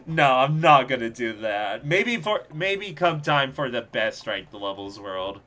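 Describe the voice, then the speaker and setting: A young man giving live, sarcastic gameplay commentary as he streams, reacting fast and laughing at his own mishaps. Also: medium pitch, sing-song, pushed and bright, soft background music. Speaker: streamer playing a level contest.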